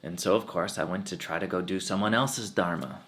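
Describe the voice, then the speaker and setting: A man giving a spiritual talk as a swami, telling personal stories in a relaxed way with frequent laughter. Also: low voice, fairly quick.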